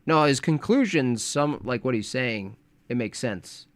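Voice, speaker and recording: A man's voice: mid-range voice, lively intonation, unhurried. A man streaming casual, rambling chat, hedging and self-deprecating as he talks.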